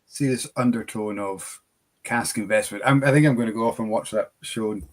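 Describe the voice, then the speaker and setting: A man's voice: lowish voice, normal speed. Rambling, hesitant man co-host. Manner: rambling, hesitant, wry humour. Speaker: whisky shop co-host. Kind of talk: casual livestream chat.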